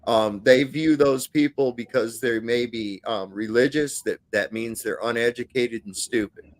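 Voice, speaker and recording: A man's voice: medium pitch, moderate pace. A man talking bluntly and profanely in a casual livestream chat over a video call, with frequent fillers and restarts.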